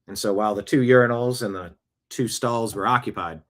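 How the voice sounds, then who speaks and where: A man's voice: on the low side, brisk, fairly bright tone. A man hosting a show, chatting casually and animatedly through personal stories. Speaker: show host. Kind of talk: casual storytelling monologue.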